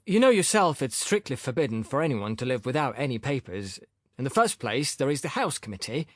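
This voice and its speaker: A man's voice: medium pitch, big pitch swings, brisk, no room sound, studio quality, natural voice. A male narrator voicing a boorish, insolent young man who talks back cockily and indignantly. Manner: cocky, indignant, sullen.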